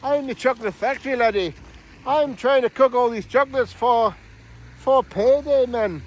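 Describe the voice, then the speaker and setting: A man's voice: very high-pitched, normal speed, poor audio. A man voicing a jokey male Scottish chocolate factory cook in a put-on Scottish accent.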